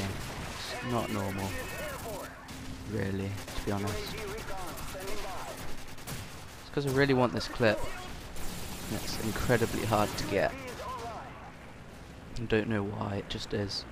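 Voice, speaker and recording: A man giving jokey, excitable commentary over his own first-person shooter gameplay, quickly frustrated when shots miss. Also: lowish voice. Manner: excitable, joking, easily frustrated. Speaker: gaming channel host. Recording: game gunfire noise behind voice. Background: shooter game gunfire.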